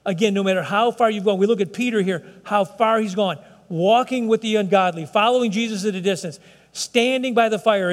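A man's voice: high voice, in a large hall. A man preaching a sermon, talking with the congregation and asking them questions. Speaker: pastor. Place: church, broadcast service.

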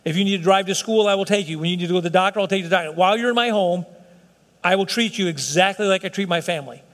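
High-voiced man preaching in a reverberant church. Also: very fast, a bit bright. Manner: emphatic, conversational preaching with acted-out quotes. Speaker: pastor. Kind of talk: sermon. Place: church sanctuary. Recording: long reverb of a hall.

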